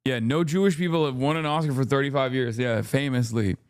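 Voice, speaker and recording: A man hosting a livestream, reacting to posts with sarcastic, deadpan commentary. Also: mid-range voice, a little fast, clear, resonant tone, no room sound. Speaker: streamer host.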